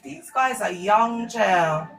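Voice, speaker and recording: A woman talks frankly and chattily into her phone during a live stream at home. Her voice sits in a middle range, and she keeps checking in with her viewers. Music plays clearly in the background. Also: medium pitch, takes it slowly, a bit bright. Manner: chatty, frank, many tag questions and terms of endearment. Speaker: livestream host. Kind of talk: rambling live-stream chat.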